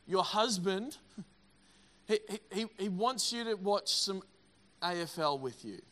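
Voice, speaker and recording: A middle-aged man preaching a sermon, energetic and emphatic, often repeating words. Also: sits high, slow. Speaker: pastor.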